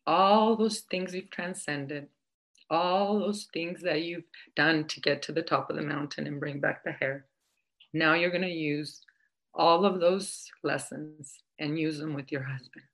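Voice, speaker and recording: A woman voicing a wise healer who explains a lesson gently and patiently. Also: low voice, fairly even intonation, unhurried, low-quality recording. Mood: gently instructive.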